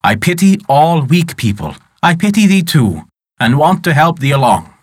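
A man's voice: a little high, sing-song, normal speed, slightly rough, no echo, studio quality, voice pushed up. A man voicing Woe, a lank, skeletal male spirit who is boastful and mocking and speaks in old-fashioned words, in a folk tale. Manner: archaic speech, teasing and boastful. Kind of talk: storytelling.

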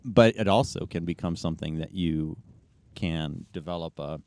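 Deep-voiced middle-aged man, rambling. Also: moderate pace, a little mellow. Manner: rambling, frequent fillers and restarts. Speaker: guest ultrarunner. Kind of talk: casual storytelling interview.

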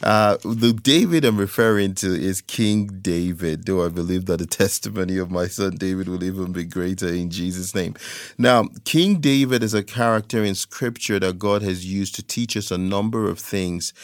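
A man's voice: low-pitched, moderate pace, dry recording, clean studio sound. A man preaching a sermon, reading scripture aloud and repeating key phrases for emphasis.

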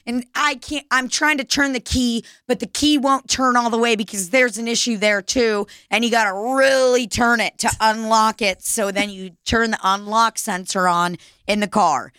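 A young woman telling a story in casual chat, animated and laughing, swearing freely. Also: fairly high pitch, normal speed, few pauses, clear, resonant tone, dry recording, clean studio sound.

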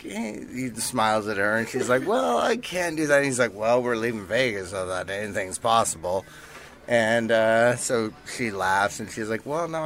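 Guest, male, low-voiced, easygoing storyteller with faint room ambience. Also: fairly bright tone, a little hiss or hum. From Canada. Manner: laid-back anecdote teller, laughs while talking. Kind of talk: casual storytelling.

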